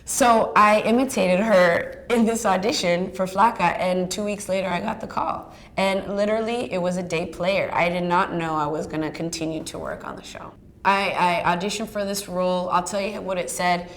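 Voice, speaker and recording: An actress chatting about her work in an interview, telling stories in a lively way with plenty of fillers and laughs. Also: fairly low pitch, moderate pace, a little hiss or hum. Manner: chatty, animated storyteller with many fillers and laughs. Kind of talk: casual storytelling interview.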